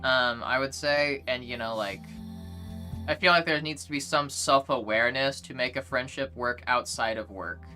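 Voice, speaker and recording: A woman's voice: extremely low pitch, normal speed, bright, forceful tone, faint music behind. A young woman streamer ranting in a rambling, profane, exasperated way as she chats and reads her chat. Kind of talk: casual livestream rant, reading chat.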